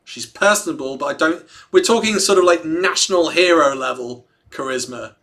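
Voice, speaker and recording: A man's voice: on the high side, normal speed, fairly bright tone. A man hosting a casual livestream, reading a statement aloud and chatting and joking with his viewers between lines. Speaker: livestream host.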